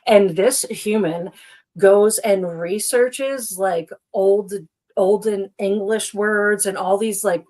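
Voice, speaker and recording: A woman co-hosting a relaxed chat show, talking in a loose, rambling way. She restarts her sentences often and fills them with "like". She stays animated throughout and laughs easily at herself. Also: medium pitch, slow. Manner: chatty and rambling, full of "like" and restarts. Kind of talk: casual chat.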